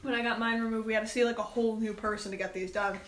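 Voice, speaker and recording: A young woman in casual chat, telling animated stories and acting out what people said, swearing freely. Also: fairly high pitch, rapid-fire. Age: young adult. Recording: echoey room with faint noise.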